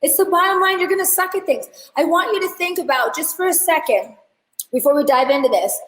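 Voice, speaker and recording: A woman teaching a live online hair class, chatty and animated, talking straight to her viewers. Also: extremely high pitch, brisk, roomy sound, low-quality recording. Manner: chatty, animated storyteller addressing chat. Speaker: hair educator.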